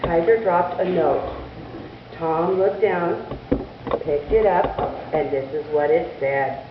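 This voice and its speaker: A woman telling a church children's story in an animated way, asking the children questions as she goes, in a distant, echoey church recording. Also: lowish voice, takes it slowly, dull audio, background noise. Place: church sanctuary.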